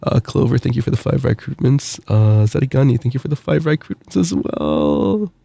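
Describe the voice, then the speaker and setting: A man's voice: mid-range voice, lively intonation, moderate pace, vocal fry, dark tone, slightly rough, dry recording. A man streaming while sick with the flu, cheerfully reading out viewer messages with little laughs and stammers. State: sick with the flu, itchy throat. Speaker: VTuber streamer.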